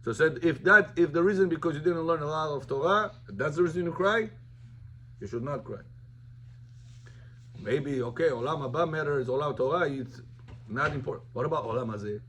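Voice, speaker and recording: A man's voice: a little high, animated, brisk, pushed and bright, a little hiss or hum. A man, a rabbi, teaching a Talmud lesson informally, telling the story and mixing Hebrew terms into plain English.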